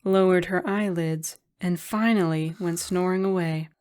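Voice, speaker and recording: Low-voiced woman narrating a story. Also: steady tone, measured pace, darkish tone. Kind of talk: storybook narration of fan fiction.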